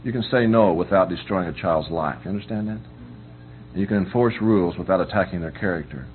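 Folksy middle-aged preacher on a tinny line. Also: male voice, sits low, fast talker, faint music behind. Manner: folksy, keeps asking "you understand?". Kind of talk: conversational sermon on parenting. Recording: tinny phone-like recording with faint hum.

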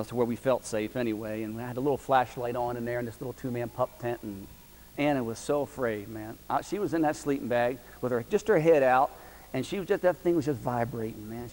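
Folksy preacher in a reverberant hall. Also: male voice, medium pitch. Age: middle-aged. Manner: folksy, animated, shifts from loud preaching to hushed storytelling. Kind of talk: sermon with storytelling. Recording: reverberant hall with faint hiss.

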